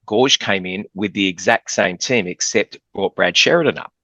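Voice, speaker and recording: A man's voice: on the low side, moderate pace, bright, forceful tone, dry recording. An Australian man, a former basketball player turned commentator, talking at length as a podcast guest and telling rambling stories. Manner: rambling, talkative storyteller. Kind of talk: casual podcast interview.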